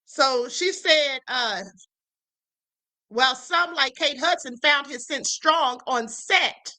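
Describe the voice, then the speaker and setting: Slow and sharp, her voice sits high, and the recording is rough. The woman hosts a livestream of casual celebrity-gossip commentary, sassy in tone and often tagging lines with "okay?" and "honey."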